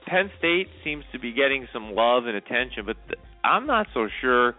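A sing-song, medium-pitched male voice at normal speed, with faint music in the background, comes through a phone-like call-in line. He's a sports talk show co-host making his picks, talkative and hedging with "I mean" and "you know."

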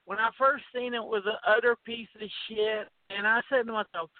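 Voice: medium pitch, fairly even intonation, moderate pace, hardly any pauses, no echo. A podcast co-host talking about old films in a blunt, joking way, swearing often. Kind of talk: casual film chat. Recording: thin phone-like audio, dry.

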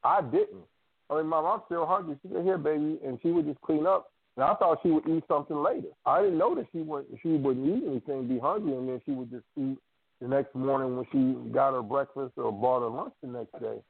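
Heard through dry, tinny phone-line audio with no room sound, this man speaks at a medium pitch, brisk and with vocal fry. He's a radio co-host in a casual storytelling chat, animatedly performing his family members' quotes.

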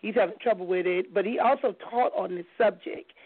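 A woman hosting a call-in talk show, speaking earnestly and reflectively with a gravelly voice. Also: mid-range voice, brisk, dry recording. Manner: earnest, reflective, reads messages aloud. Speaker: radio talk show host. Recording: dry, phone-like lo-fi audio.

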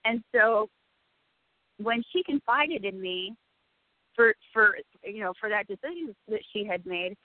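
A woman's voice: medium pitch, lively intonation, measured pace, no room sound. A woman in her forties, a radio guest, speaking candidly and emotionally and swearing freely. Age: 40s. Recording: tinny phone-like dry sound.

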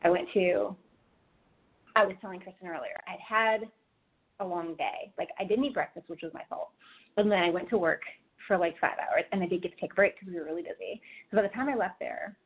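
Fast-talking woman on a tinny line. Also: fairly low pitch, husky. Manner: chatty storyteller, many fillers. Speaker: co-host. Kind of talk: casual chat.

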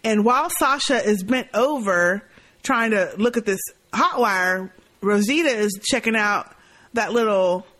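Co-hosting a podcast, a woman casually recaps a TV episode, acting out lines from scenes and laughing often. She sounds animated, with a medium-pitched voice and a slightly slow pace.

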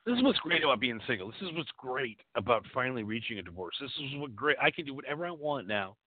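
A man's voice: medium pitch, fast talker, slightly rough, no room sound, phone-quality sound. A man hosting a call-in show, talking crudely and rambling. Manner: profane, rambling and animated. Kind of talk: crude casual call-in talk.

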